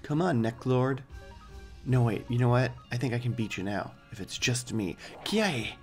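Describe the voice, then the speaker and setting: A man's voice: mid-range voice, normal speed, darkish tone, faint music behind. A man hosting a let's play, giving casual gameplay commentary with joking, rambling asides.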